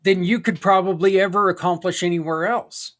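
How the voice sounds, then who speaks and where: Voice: mid-range voice, fairly even intonation, fairly quick, fairly bright tone. A podcast host talking in a casual, earnest monologue, folksy and rambling with tangents and mild swearing. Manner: earnest and encouraging.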